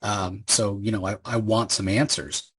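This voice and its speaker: A man voicing a fed-up, exasperated male hellspawn antihero in a comic recap, demanding answers, his voice husky and lowish. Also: fairly even intonation, a little slow, fairly bright tone. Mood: frustrated.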